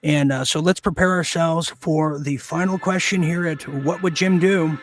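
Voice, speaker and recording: A man hosting a mock quiz show, joking in a hammy, deadpan way with lots of fillers and pauses. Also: on the high side, soft background music. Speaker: game show host.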